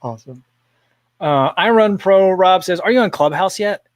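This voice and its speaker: A man's voice: sits high, animated, normal speed, dry recording. A man hosting a casual livestream, rambling, chuckling often and reading viewer comments aloud. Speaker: livestream host.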